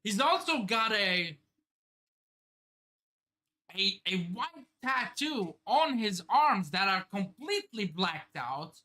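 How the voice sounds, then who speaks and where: A woman's voice: mid-range voice, very animated, takes it slowly, long pauses, sharp tone. A woman hosting a live manga reaction stream, thinking aloud, exclaiming, swearing and laughing as she reads. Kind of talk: excited live reaction commentary.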